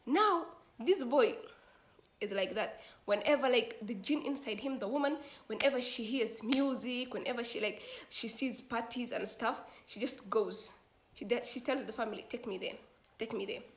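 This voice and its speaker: Slangy, animated woman telling a story. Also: a little high, normal speed, a little hiss or hum. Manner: slangy, animated retelling with quoted dialogue. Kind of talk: casual spoken storytelling.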